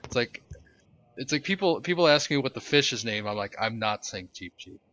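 A man's voice: medium pitch, expressive, normal speed, bright, forceful tone. Grumbling opinionated man on a podcast. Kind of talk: casual chat. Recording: dull lo-fi podcast audio.

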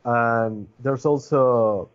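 A man's voice: mid-range voice, extremely slow, clear, resonant tone. A man whose first language is Spanish, hosting a podcast in casual chat, rambling and hesitant with many fillers. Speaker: podcast host. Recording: dull lo-fi podcast audio.

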